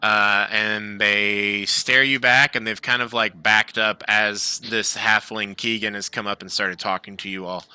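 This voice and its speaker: A man's voice: on the low side, level tone, unhurried, hardly any pauses, pushed and bright, clean tone, dry recording. A man narrating as game master, in a loose style full of filler words.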